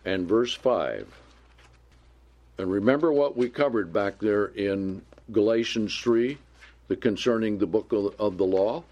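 A man teaching a Bible sermon, reading scripture aloud with slow emphasis and putting questions to his listeners. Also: lowish voice, a little mellow, highs cut off. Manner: asks the listeners questions and answers them. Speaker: preacher.

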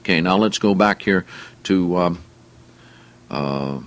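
A man's voice: deep voice, slow pace. A man preaching a Bible-teaching sermon, reading scripture aloud and then explaining it in plain, conversational terms.

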